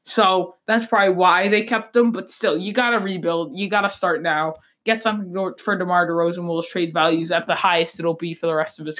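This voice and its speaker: A woman's voice: lowish voice, a bit bright. A woman hosting a sports podcast, giving blunt, opinionated takes in a loose, rambling way with frequent restarts. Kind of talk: casual sports talk.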